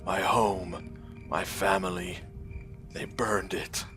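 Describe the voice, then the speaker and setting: A man doing a hushed, broken grieving man. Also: steady tone, faint music behind, exaggerated voice. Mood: despairing. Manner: low, hushed and slow, trailing into whispers. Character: broken grieving man who lost his family.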